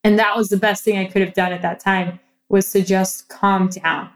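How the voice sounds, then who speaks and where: A woman's voice: mid-range voice, flat delivery, moderate pace. A young adult woman, a guest in a casual interview, telling a personal story candidly and with animation, often laughing.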